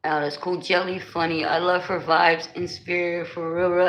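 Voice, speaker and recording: A woman's voice: fairly low pitch, steady tone, moderate pace, few pauses, a bit bright, rough recording. A woman with a New Jersey accent chatting casually on a live stream, greeting and answering her viewers.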